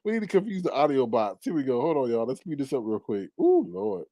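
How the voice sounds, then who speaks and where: A man talks through casual reaction commentary in a dry, close sound with no room around him. His voice sits a little high and swoops all over as he teases, laughs and lets out drawn-out exclamations. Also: creaky, dry recording. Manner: animated, teasing, laughs often; drawn-out exclamations like "Lord have mercy". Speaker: commentary channel host.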